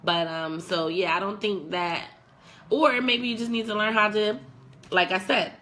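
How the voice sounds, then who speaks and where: A woman's voice: lowish voice, a little hiss or hum. A young woman hosting a casual advice vlog, talking bluntly with plenty of swearing. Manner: blunt, profane, animated. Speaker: vlog host.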